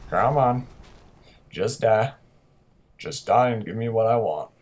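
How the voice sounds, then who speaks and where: A young man casually commentating his own gameplay, playfully taunting opponents and bursting into loud excitement during fights. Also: on the low side, takes it slowly. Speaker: gaming commentator.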